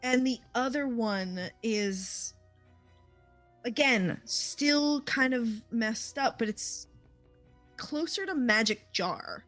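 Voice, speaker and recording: A woman running a tabletop game as game master, talking hesitantly with many pauses and fillers. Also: a little high, fairly bright tone, soft background music. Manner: hesitant, many ums and likes.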